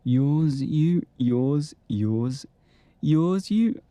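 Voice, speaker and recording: A man's voice: on the high side, animated, extremely slow, dark tone, dry recording, pitched above the performer's own voice. An English man voicing a flippant young Valley Girl in a breezy, drawling, sing-song way, recorded in a closet. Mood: coy.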